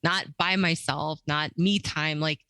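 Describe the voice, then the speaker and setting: A woman life coach as a podcast guest, relaxed and rambling, often laughing. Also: sits low, unhurried, no echo, low-quality recording. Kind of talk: casual interview chat.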